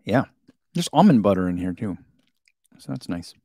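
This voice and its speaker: A chatty man talking casually through an unboxing, his pitch rising and falling a lot. He giggles easily and talks between bites. The sound is close and dry, with no room around it. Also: sing-song, normal speed, mellow, dry recording. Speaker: vlogger reviewing a snack.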